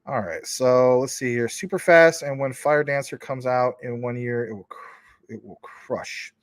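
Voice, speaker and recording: This crypto livestream host talks loosely through viewer comments, answering each one in an informal ramble packed with fillers. His pitch sits in the middle and he takes his time, recorded close and dry without any room sound.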